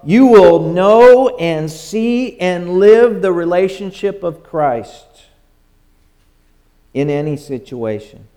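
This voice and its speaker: An older man preaching a sermon as pastor, in a repetitive cadence that sinks low and soft at the ends of phrases, turning self-deprecating and lively when he jokes with the congregation.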